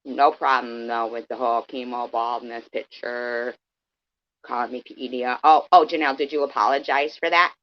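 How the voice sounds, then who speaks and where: A woman's voice: rumbling low, steady tone, moderate pace, highs cut off. A woman in her fifties ranting on a livestream, sarcastic and combative, calling out viewers by name. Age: 50s. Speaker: live streamer. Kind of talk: confrontational livestream rant.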